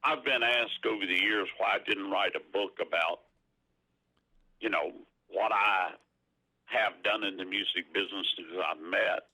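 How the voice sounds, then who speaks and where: A man's voice: deep voice, unhurried, sharp tone, low-quality recording. An older man telling folksy stories with a laugh as a radio show guest. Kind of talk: casual storytelling. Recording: radio broadcast.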